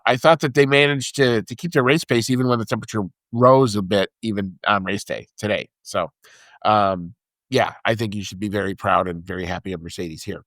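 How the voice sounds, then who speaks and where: A man's voice: medium pitch, fairly bright tone, no room sound, studio quality. A man co-hosting a podcast in casual chat, talking conversationally with fillers. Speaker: podcast co-host.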